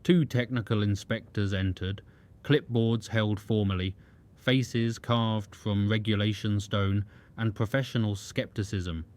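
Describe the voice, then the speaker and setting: A man giving scripted story narration in a measured, even delivery. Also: on the low side. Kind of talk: scripted documentary-style narration.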